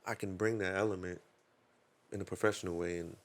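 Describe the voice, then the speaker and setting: A man who works as a DJ, chatting casually as a podcast guest and acting out quotes with lively voices. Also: deep voice, brisk.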